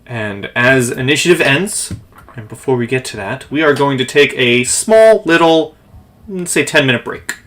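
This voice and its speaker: A man running a tabletop game as game master, narrating scenes slowly with pauses between phrases. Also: mid-range voice, expressive, a bit bright. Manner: slow descriptive narration with pauses.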